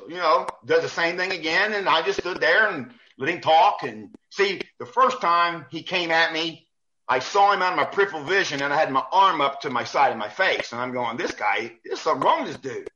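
A man's voice: fairly high pitch, normal speed, sharp tone, lo-fi sound, slight background noise. A man, a referee guest on an interview show, telling stories animatedly, often laughing, repeating words and acting out what others said. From United States. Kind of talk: animated storytelling in a podcast interview.

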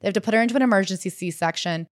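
A woman co-hosting a casual podcast, retelling a memoir with animated storytelling and reading quoted passages aloud. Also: mid-range voice, rapid-fire, no echo, studio quality. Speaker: podcast co-host.

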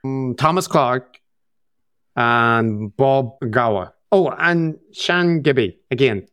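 Wry Northern Irish podcast host, unhurried delivery, dry close-miked sound. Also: male voice, mid-range voice, lively intonation, a bit bright, clean tone, dry recording. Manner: wry, teasing, reads long name lists. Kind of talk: casual chat.

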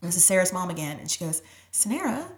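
A woman's voice: fairly low pitch, steady tone, rapid-fire, echoey room. A woman telling an emotional personal story as a podcast guest, often dropping to a near whisper and filling with "like". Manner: softens to near-whisper when moved, many "like" fillers.

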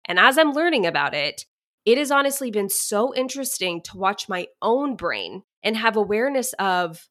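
Young woman, podcast host, money coach, chatty, upbeat, mid-pitched voice. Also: very animated, normal speed, a bit bright. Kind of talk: solo podcast monologue.

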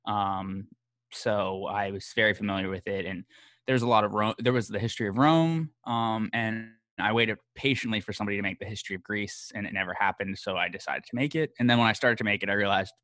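A man's voice: fairly low pitch, brisk, bright, forceful tone, no echo. An American man, a history podcaster, chatting casually in a rambling, self-deprecating way with many fillers. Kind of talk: casual conversation.

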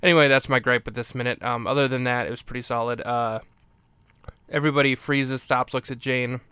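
Guy rambling through a movie recap, smooth clear voice, dry close mic. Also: medium pitch, fairly even intonation, a little fast, pushed and bright, no echo. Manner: rambling, self-correcting recap. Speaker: podcast host.

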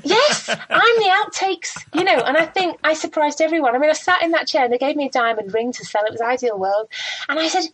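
A woman, a presenter telling stories from her career in a casual interview, very expressive and laughing often. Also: high-pitched, a little fast, poor audio. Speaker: radio and TV presenter.

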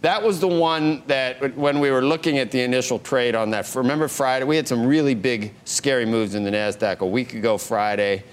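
A man's voice: mid-range voice, a little fast, hardly any pauses, slight background noise. A man co-anchoring a morning business show, bantering casually and insistently, often talking over his colleagues. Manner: talks over others, insistent, restarts.

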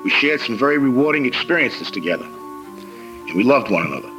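An older man giving formal testimony in a slow, measured way, as if reading a prepared statement. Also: mid-range voice, big pitch swings, over music, rough recording. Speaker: testifying witness.

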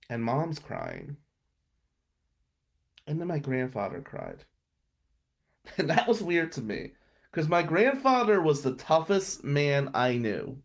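A man's voice: on the high side, huge pitch swings, slow pace, vocal fry, long pauses. A man hosting a podcast, telling a personal story in a monologue and acting out his relatives' words in different voices. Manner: dramatic, acts out relatives' lines in voices. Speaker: podcast host.

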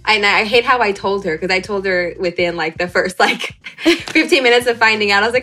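A young woman, a guest in a casual interview, recounting a personal story and acting out the dialogue with big jumps in her voice. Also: fast. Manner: animated, acts out quoted dialogue with big pitch jumps.

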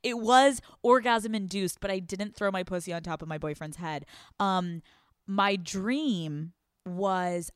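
A woman's voice: on the low side, clear, resonant tone, dry recording, studio quality. A young woman from Pennsylvania hosting a podcast, rambling through a crude comedic monologue, swearing freely and laughing often. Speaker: podcast host.

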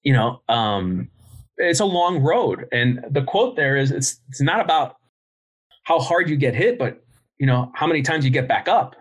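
A man's voice: mid-range voice, animated, normal speed. A middle-aged man, a podcast guest and business founder, telling stories bluntly in casual interview talk and swearing freely.

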